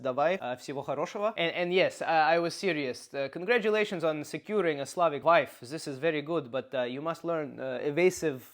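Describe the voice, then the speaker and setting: A man's voice: a little high, close to an everyday voice. A man doing a blunt Slavic uncle with a Russian accent. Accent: put-on Russian. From Canada. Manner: blunt, mock-stern lecturing, broken article-less English. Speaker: comedy advice host. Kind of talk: comedic character advice show.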